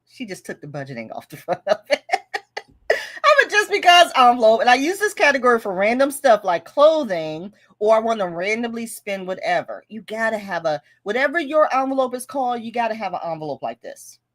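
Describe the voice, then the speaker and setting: A woman's voice: fairly high pitch, big pitch swings, a little fast. A woman hosting a casual budgeting livestream, chatting, laughing and reading viewer comments aloud. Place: home livestream.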